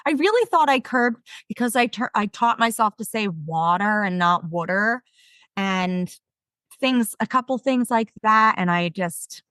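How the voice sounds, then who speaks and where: A woman in her thirties with a South Jersey accent, a podcast guest telling stories in an animated, self-deprecating way. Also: on the high side, moderate pace, smooth, dry recording. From South Jersey, USA. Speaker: podcast guest, game show winner. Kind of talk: casual storytelling interview.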